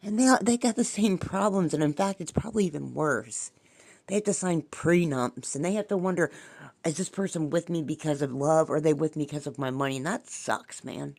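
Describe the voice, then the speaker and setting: Woman host with a gravelly voice, loose and rambling, spiritual, swears a lot. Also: low voice, fairly quick, a little mellow. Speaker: podcast host. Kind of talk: rambling casual monologue.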